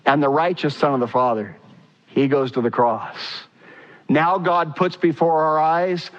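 A man's voice: lively intonation, unhurried, long reverb tail, muffled recording. A man preaching a sermon as pastor, emphatic and fervent, putting direct questions to his congregation. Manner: emphatic, rising to a high, fervent pitch at key points.

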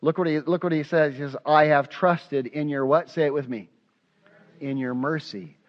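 Man, pastor, impassioned sermon, slightly high voice, muffled recording. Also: normal speed. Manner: impassioned, acts out prayers aloud.

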